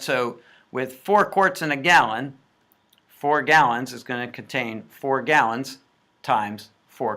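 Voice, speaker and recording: Man, math homework help, playful, talks through each step, jokey asides, bright voice. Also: mid-range voice.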